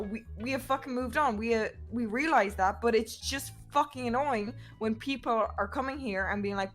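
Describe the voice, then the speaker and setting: A woman's voice: a little high, a bit bright. A woman in a casual podcast chat, making emphatic points and swearing heavily. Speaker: podcast co-host.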